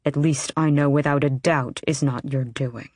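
A woman's voice: low-pitched, steady tone, moderate pace, darkish tone, no room sound, clean studio sound. A woman voicing a stern young man who is blunt and accusing, with clipped, curt delivery. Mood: grim. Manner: curt, clipped, speaks through his teeth.

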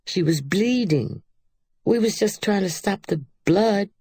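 A woman's voice: animated, measured pace, warm tone, breathy edge, no room sound, studio quality. A woman doing an eager, indignant little girl. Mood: pleading. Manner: high, pleading and indignant.

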